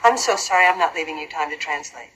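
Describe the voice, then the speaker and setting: A woman's voice: sits low, animated, fast, a bit bright, slight background noise, low-quality recording. An actress playing an anxious, chatty wealthy mother who rambles nervously and interrupts herself in film dialogue. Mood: flustered.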